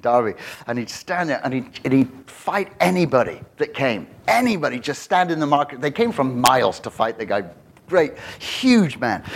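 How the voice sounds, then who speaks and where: A man preaching a sermon, telling a story with lively quoted voices and frequent laughter. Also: a little high. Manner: animated, jumps into voices for quoted people, laughs often.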